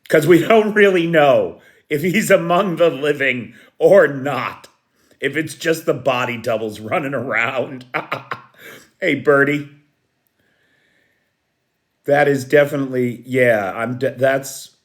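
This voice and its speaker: Slow-talking man hosting a live stream. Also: medium pitch. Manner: chatty, greets viewers by name, chuckles at own jokes. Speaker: livestream host. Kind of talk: casual live chat. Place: Kyiv.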